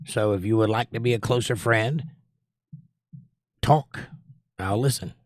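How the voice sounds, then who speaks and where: On a clean studio recording without room sound, a low-voiced man from Georgia, his Southern accent mostly held back, chats casually on a livestream. He unhurriedly reads viewers' messages aloud in a lifted tone, then thinks through them analytically at length.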